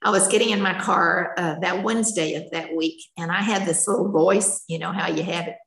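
A woman's voice: lowish voice, steady tone, brisk, gravelly, a bit bright, reverberant, poor audio. An older woman telling her personal story at a recovery meeting, candid and emotional, in a chatty storytelling manner. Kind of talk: personal testimony.

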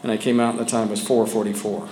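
A man sharing his personal story with a support group, speaking candidly and haltingly with frequent restarts, sometimes dropping low and quiet. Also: flat delivery, a little hiss or hum. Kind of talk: personal testimony. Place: meeting room with a group of men. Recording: echoey room with faint ambience.

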